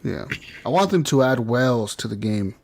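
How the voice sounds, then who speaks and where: Man, gaming podcast host, casual chat, swears, laughs, animated. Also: moderate pace, gravelly. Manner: animated storyteller, swears, laughs, mimics kids in squeaky voices.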